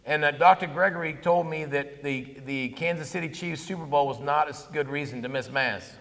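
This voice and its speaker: A man in his fifties giving a conversational, animated talk on Catholic faith at a conference, telling stories with asides. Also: fairly high pitch, fairly quick. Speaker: conference speaker. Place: conference hall. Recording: long hall reverb.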